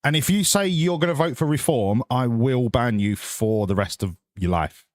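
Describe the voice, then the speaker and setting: A man's voice: mid-range voice, moderate pace, dry recording, studio quality. Sarcastic, sweary male streamer. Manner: sarcastic, sweary, mock-lecturing rants. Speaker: streamer chatting with viewers. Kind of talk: casual live-stream chat.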